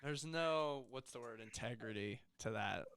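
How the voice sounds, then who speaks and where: A man's voice: medium pitch, measured pace, a bit bright. A young man co-hosting a casual podcast chat, reacting in a laid-back way with casual swearing.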